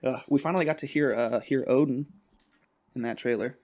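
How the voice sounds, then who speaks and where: A man's voice: mid-range voice, brisk, darkish tone. Laid-back young man chatting casually. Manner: laid-back, laughs often, acts out quotes. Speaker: podcast co-host. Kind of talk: casual chat.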